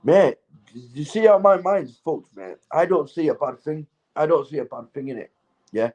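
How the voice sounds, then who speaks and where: A man's voice: fairly high pitch, animated, moderate pace, a little mellow, dull audio. A man, stoned, rambling in a casual vlog monologue, swearing heavily and laughing often. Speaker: vlogger.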